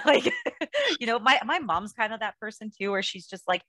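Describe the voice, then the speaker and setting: Lively laughing woman podcaster. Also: fairly high pitch, fairly quick, no room sound, clean studio sound. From outside the US. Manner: laughs often, animated, says "like" a lot. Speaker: podcast host. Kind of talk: casual movie review chat.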